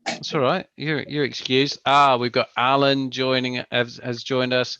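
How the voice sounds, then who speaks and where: A man's voice: medium pitch, level tone, unhurried, bright, forceful tone, lo-fi sound, a little hiss or hum. A man hosting a live build-along stream, chatty and greeting viewers as they join. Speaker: stream host and co-presenter. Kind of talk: casual live-stream chat.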